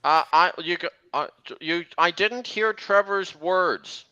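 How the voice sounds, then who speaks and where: A man chats casually while streaming a game, often talking over his friends. His voice is bright and sits somewhat high. He keeps the conversation going as host. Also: unhurried, smooth, muffled recording. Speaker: streamer hosting a gameplay chat. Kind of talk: casual livestream chat over gameplay.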